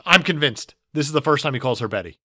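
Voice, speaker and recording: A man co-hosting a podcast, recapping a movie in sarcastic, animated casual chat with frequent laughter. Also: medium pitch, fast talker, no room sound, studio quality. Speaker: podcast co-host.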